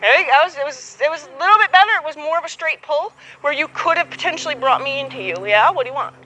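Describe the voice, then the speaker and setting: A woman's voice: high voice, expressive, quick pace, bright, forceful tone, a little hiss or hum, poor audio. A woman coaching a horsemanship student outdoors, patient and encouraging, acting out both horse and rider as she explains. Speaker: horsemanship instructor. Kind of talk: hands-on coaching.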